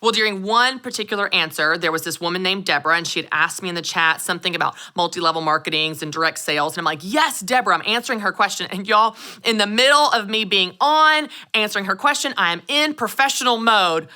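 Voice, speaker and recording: A woman, hosting her own show and telling stories in a lively way. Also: mid-range voice, fast talker, few pauses. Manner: animated storytelling, acts out voices. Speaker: show host. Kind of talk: upbeat solo podcast talk.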